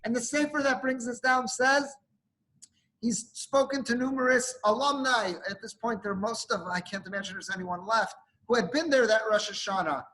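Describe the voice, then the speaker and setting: A rabbi delivers a sermon as a heartfelt story. His voice sits high and sounds bright and forceful. He works Hebrew and Yiddish terms into his English. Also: normal speed, poor audio.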